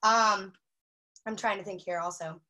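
A woman giving a casual sales training talk, chatty and animated, acting out customer chats with lots of filler words. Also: medium pitch, a little slow, rough recording.

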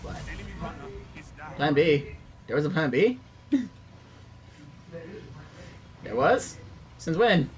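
A man's voice: fairly high pitch, drawn-out words, pauses often, soft background music. A young man playing an online shooter, swearing and trash-talking as he comments. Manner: profane, excitable trash talk. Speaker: gamer. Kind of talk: let's play commentary.

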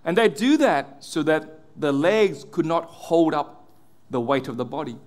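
A male pastor delivering a sermon, earnest, dropping low and soft on key words. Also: expressive, a little slow.

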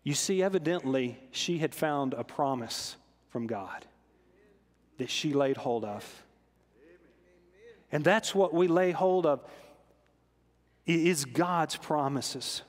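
A man preaching a sermon, telling stories with animated swings between loud emphasis and soft, solemn lows. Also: slow, pauses often. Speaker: pastor. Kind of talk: sermon storytelling. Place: church sanctuary. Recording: long hall reverb in a church.

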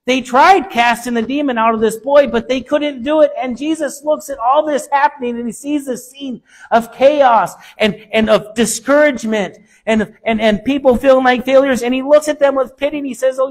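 A male pastor delivers a sermon in a very high-pitched voice. He preaches with an emphatic, repetitive rhythm, hammering on the same phrases. He moves between hushed, low passages and louder, lifted ones. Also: steady tone, normal speed, few pauses.

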